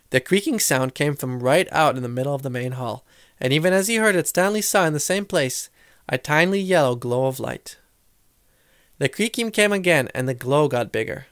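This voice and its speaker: Storybook reader, a man with a high voice, dry close recording, lively character voices. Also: dry recording. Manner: expressive, shifting voices for characters. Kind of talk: storybook read-aloud.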